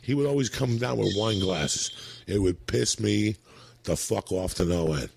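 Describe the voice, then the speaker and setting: Gravelly man telling wild stories. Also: on the low side, moderate pace, slight background noise. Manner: gravelly, animated, profane. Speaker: comedian telling stories on a podcast. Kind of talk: profane storytelling.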